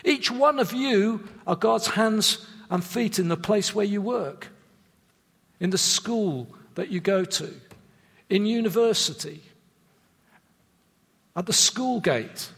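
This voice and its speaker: A man preaching a sermon in an earnest, measured way, dropping low for emphasis and repeating words as he restarts thoughts. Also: lively intonation, gravelly, fairly bright tone, husky. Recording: long reverb of a church hall.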